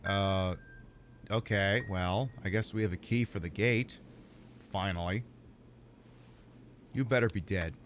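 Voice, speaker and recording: Excitable, cursing game streamer man. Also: deep voice, slow pace, pauses often, a little hiss or hum. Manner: excitable, profane, jokey. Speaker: gameplay streamer. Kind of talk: let's-play commentary.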